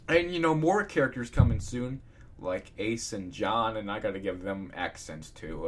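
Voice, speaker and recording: A man reading fan fiction aloud in a casual, expressive way, breaking off into ranting asides. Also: lowish voice, normal speed. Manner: expressive, swings between narration and ranting asides.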